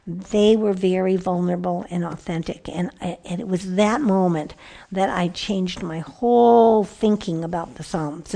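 A middle-aged woman giving a heartfelt, personal devotional Bible teaching, dropping to a hushed whisper on key phrases. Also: medium pitch.

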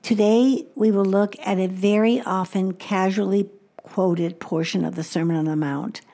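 A woman teaching the Bible to a broadcast audience from a studio. Her delivery is expressive, rising into emphatic exclamations and dropping to soft, hushed asides. She speaks at an ordinary pitch for a woman. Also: normal speed.

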